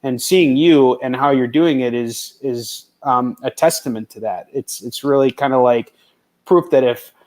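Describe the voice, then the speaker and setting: A man's voice: medium pitch, measured pace, a little mellow. A man hosting a casual interview, talking animatedly, laughing easily and repeating words as he starts sentences. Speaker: podcast host.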